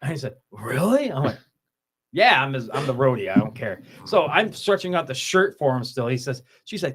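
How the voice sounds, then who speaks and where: A man's voice: a little high, big pitch swings, moderate pace, fairly bright tone, breathy edge. A man telling stories in casual podcast chat, often laughing and acting out the voices of people he quotes. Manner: swears casually, repeats words. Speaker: podcast host.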